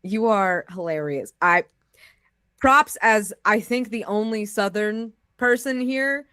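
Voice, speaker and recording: An American woman talks in a loose, gushing way, heaping praise on her fellow players with plenty of "like" and restarts. Her voice sits at an ordinary pitch, and the sound is dry and close, with no room around it. It has the feel of a friendly chat after a game. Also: slow, sharp tone, smooth, no room sound. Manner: effusive, gushing praise with frequent "like". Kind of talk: casual post-game chat.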